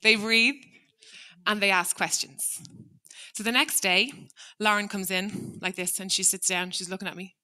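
A woman's voice: medium pitch, fairly even intonation, unhurried, sharp tone. A middle-aged woman, a former teacher, giving an earnest, reflective prepared talk on stage and acting out the dialogue in her story. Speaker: teacher turned restorative practice trainer.

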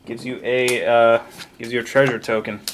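A man casually opening trading card packs on camera, excitably rattling off card names and cracking jokes. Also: medium pitch, moderate pace, slight background noise. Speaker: card pack opening vlogger. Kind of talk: casual card unboxing commentary.

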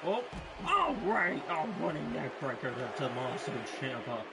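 A man doing amateur play-by-play commentary on a wrestling match, drawn-out calling broken by sudden excited shouts and swearing. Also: fairly high pitch, vocal fry, heavy background noise. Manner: slow, drawn-out calling between bursts.

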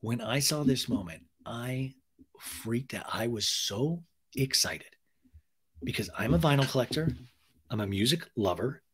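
A man's voice: medium pitch, a little slow, breathy edge. A man hosting a podcast, recapping reality TV in a casual, gossipy way, often swearing and acting out what people said. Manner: gossipy, animated, swears, acts out quotes. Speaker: podcast host.

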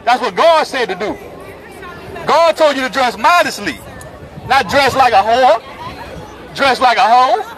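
A man preaching in the open air on a city street, forceful and repetitive, calling out the people passing by. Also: extremely high pitch, animated, measured pace, pauses often, low-quality recording. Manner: forceful and repetitive, calls out passersby. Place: busy city street outdoors. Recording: street crowd and traffic noise. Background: crowd chatter and passing vehicles.

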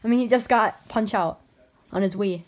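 A woman's voice: medium pitch, moderate pace. A woman filming a casual vlog, teasing a friend and pressing her with repeated questions.

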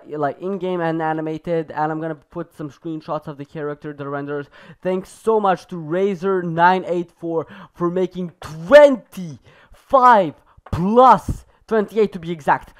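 Excitable high-voiced teen gamer. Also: male voice, smooth. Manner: excitable, swears, repeats himself under pressure. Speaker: gaming YouTuber. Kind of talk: casual gameplay commentary.

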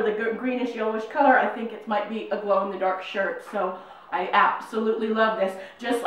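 A middle-aged woman hosting a casual horror unboxing vlog at home, bubbly and gushing, with lots of fillers. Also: on the high side. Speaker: YouTube unboxing host. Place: home room, in New Mexico. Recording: very echoey room, mic at a distance.

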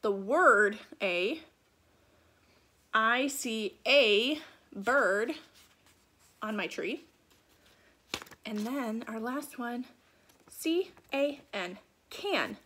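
Expressive woman reading aloud to kids. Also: fairly high pitch, a little hiss or hum. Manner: slow, clear, expressive teacher talk. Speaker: teacher. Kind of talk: reading a storybook aloud to young children.

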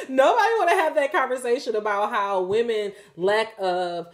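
A tarot reader and channel host with a slightly high voice gives her viewers a candid spoken reading at a moderate pace. She lectures them bluntly and profanely, laughing along the way, and her volume keeps swinging between loud and quiet.

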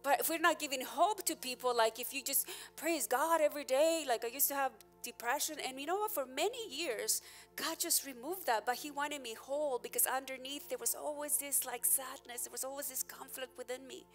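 A woman pastor preaching a candid, emphatic sermon, her loudness rising and falling as she presses her points. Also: sits high, a little fast, soft background music.

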